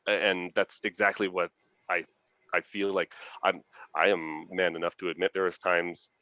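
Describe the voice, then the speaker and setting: A man's voice: low-pitched, level tone, sharp tone, no echo. A man, an author chatting earnestly and enthusiastically as an interview guest over a video call. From Canada. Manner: earnest, enthusiastic, quick to laugh. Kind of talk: casual interview chat. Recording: dull lo-fi dry sound.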